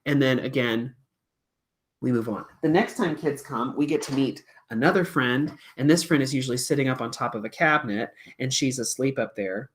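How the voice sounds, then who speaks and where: A woman's voice: very deep voice, moderate pace. A woman who teaches music to kindergartners, explaining her classroom puppet lessons in a chatty, storytelling way from a small office.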